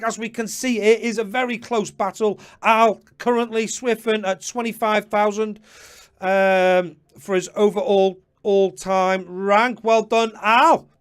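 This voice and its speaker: A man hosting a live fantasy football stream, chatting to viewers by name with quick apologetic asides. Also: sits high, smooth. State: slightly out of breath. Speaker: host.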